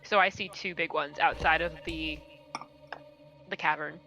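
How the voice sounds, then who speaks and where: Woman player, relaxed table talk, low-ish voice, talks fast and easy. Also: soft background music, rough recording. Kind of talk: casual chat.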